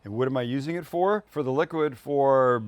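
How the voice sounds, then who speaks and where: A middle-aged man hosts a cooking show in a relaxed, chatty way, explaining each step as he cooks. His voice sits at an ordinary male pitch, and he keeps it upbeat and jokey. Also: fairly quick, clear, resonant tone, dry recording. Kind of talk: casual cooking demonstration.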